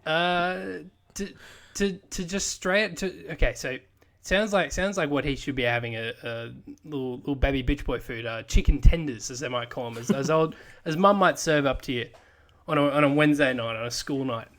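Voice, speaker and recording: A man co-hosting a podcast, halting and repeating words, in mock outrage. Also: a little high, a bit bright. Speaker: podcast co-host. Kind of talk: casual chat.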